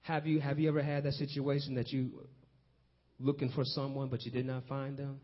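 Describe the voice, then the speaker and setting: A man preaching a sermon, swinging from hushed low passages to loud excited calls. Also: a little fast. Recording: dull lo-fi recording.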